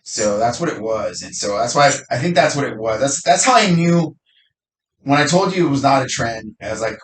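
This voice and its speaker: A man's voice: mid-range voice, animated, normal speed. A man, a fitness coach, telling stories in a loose, casual, sometimes profane way. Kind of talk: casual conversation. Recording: echoey room, faint noise.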